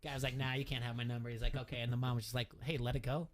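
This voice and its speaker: A man's voice: mid-range voice, flat delivery, rapid-fire. A man hosting a sports radio show, telling a story in a rambling way and acting out the quotes. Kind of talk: casual sports talk.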